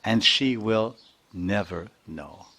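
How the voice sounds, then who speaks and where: A man, a spiritual teacher, narrating a devotional story in an animated lecture. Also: fairly low pitch, takes it slowly.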